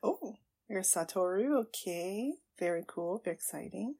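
A woman podcast host reacting live to an anime episode, gushing and excitable, with frequent gasps and quiet hushed asides. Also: mid-range voice, measured pace, husky. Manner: drops to hushed asides at tense moments.

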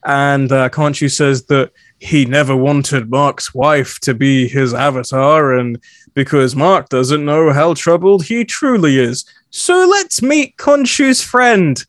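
A man's voice: mid-range voice, unhurried, no echo, clean studio sound. A man co-hosting a podcast, casually recapping an episode in a frank, opinionated way.

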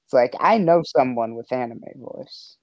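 A woman's voice: rumbling low, animated, normal speed, no echo, highs cut off. A young woman hosting a podcast in casual chat, rambling and cutting herself off often. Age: young adult. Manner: rambling, self-interrupting. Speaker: podcast host.

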